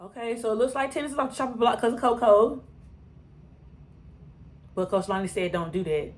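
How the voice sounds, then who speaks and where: A woman in casual reaction commentary on a TV episode, animated and exasperated, talking back to the characters, with features. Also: on the high side, fairly quick. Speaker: TV reaction reviewer.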